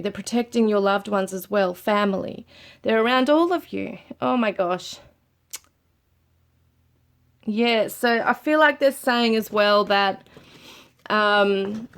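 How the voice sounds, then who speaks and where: Woman, tarot reader, emotional, near tears, sighing, gushing. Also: mid-range voice. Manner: gushing, many sighs and exclamations. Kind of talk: channelled tarot reading.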